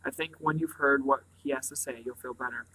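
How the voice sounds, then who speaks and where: A man reading aloud, voicing a gentle, comforting farm mother in a storybook in a soft, hushed way. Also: mid-range voice, steady tone, brisk, slight background noise, lightly acted, rough recording.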